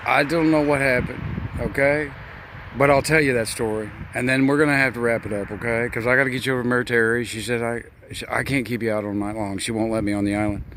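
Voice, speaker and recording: A man's voice: mid-range voice, fairly even intonation, quick pace, fairly bright tone, a little hiss or hum. An older man acting as a grandfather, chatting in a folksy, affectionate way and laughing often as he tells a bedtime story.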